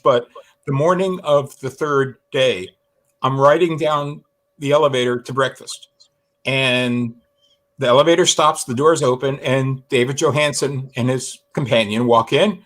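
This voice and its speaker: A man calling into a talk show, telling a self-deprecating story in an animated way with lots of fillers and restarts. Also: mid-range voice. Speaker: guest, fan camper and drummer.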